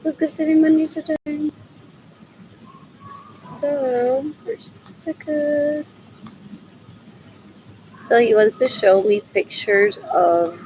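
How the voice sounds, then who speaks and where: A woman talks on a livestream in a slow, unhurried ramble and repeats herself as she searches for what to say next. Her voice sits high with a gravelly edge. A faint hiss runs underneath. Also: darkish tone, rough recording. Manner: rambling, repeats herself while musing aloud.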